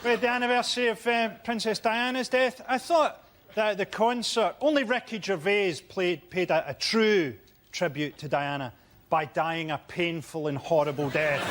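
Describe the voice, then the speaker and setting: A Scottish man delivering dark one-liners on a comedy panel, dry in manner. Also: high-pitched, moderate pace.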